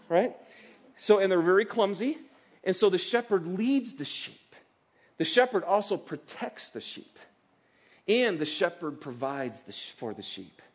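Male pastor, middle-aged, high-pitched voice, animated sermon delivery with acted-out asides. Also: slightly rough. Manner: animated, acts out quoted voices of God and listeners.

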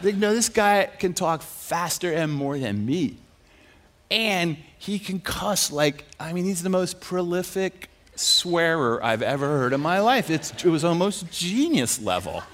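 Guy preaching, tells a story with lots of laughs, pokes fun at himself, voice on the higher side. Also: measured pace. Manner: animated, laughing, self-mocking storyteller. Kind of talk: storytelling sermon.

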